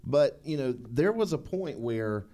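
A man's voice: medium pitch, very animated, measured pace, dark tone. A man hosting sports talk radio, dropping wry one-liners and rambling through restarts.

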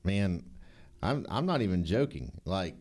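A man's voice: low-pitched, sing-song, a little slow, a little mellow. A man hosting sports talk radio, dropping wry one-liners and rambling through restarts.

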